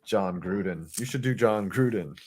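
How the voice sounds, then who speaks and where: A man's voice: on the low side, normal speed, breathy edge. A man co-hosting a casual watch-along podcast chat, joking and laughing between plays. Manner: joking, trades cartoon impressions, laughs often. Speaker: podcast co-host.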